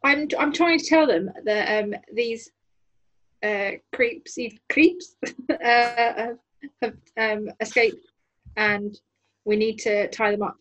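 Mulher jogadora, voz rouca e risonha. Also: female voice, a little high, takes it slowly, a bit bright, low-quality recording. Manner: giggly, apologetic. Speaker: player. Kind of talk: casual tabletop role-play.

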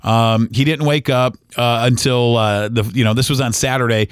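A man's voice: medium pitch, fairly even intonation, clean tone, no room sound. Earnest man in his forties, dry sound. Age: 40s. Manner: earnest, halting, many fillers and restarts. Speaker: podcast host. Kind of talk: personal storytelling.

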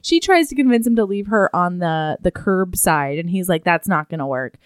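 Woman co-host, casual chat, quick chatty retelling, dry close recording. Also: lowish voice, animated, clear, resonant tone, no room sound. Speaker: podcast co-host. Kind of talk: casual chat, recapping a book.

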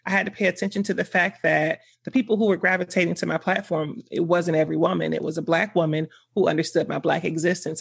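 A woman's voice: lowish voice, vocal fry, slightly rough. A woman guest on a podcast, talking earnestly and candidly in casual conversation, often laughing and searching for her words.

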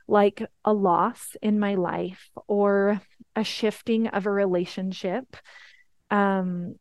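A woman's voice: medium pitch, darkish tone, dry recording. A woman in her thirties teaching a coaching webinar, earnest and encouraging, often checking in with "right?". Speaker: life coach.

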